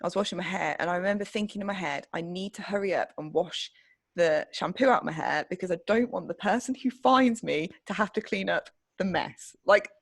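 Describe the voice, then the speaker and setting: A woman's voice: fairly low pitch, a little fast, no room sound. A young woman, casually telling a personal story on a podcast, full of "like"s and loose swearing. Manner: chatty storytelling with many "like"s, swears freely. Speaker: podcast co-host. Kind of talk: casual chat.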